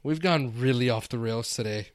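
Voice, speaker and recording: A man's voice: mid-range voice, moderate pace, dry recording, studio quality. A man co-hosting a sports podcast, chatting casually with a teasing, joking manner. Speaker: podcast co-host. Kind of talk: casual chat.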